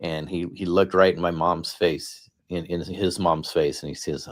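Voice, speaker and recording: A middle-aged man with a very low, deep voice talks with earnest conviction, hammering his points by repeating phrases. He speaks like a guest on a discussion panel. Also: steady tone, measured pace, few pauses. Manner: earnest, repetitive, emphatic. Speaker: guest speaker, political candidate. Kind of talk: impassioned panel talk.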